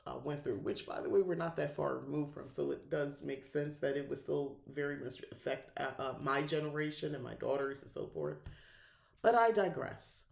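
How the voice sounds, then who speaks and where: A middle-aged woman hosting a podcast, teaching a calming ritual in a rambling, relaxed way and laughing often. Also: sits low, vocal fry, echoey room. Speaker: podcast host and spiritual guide. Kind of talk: casual livestream teaching.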